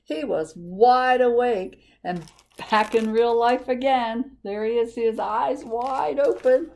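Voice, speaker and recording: A woman librarian reading a picture book aloud to children, gently asking them questions. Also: a little high, slow pace, vocal fry. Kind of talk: storytime read-aloud to children.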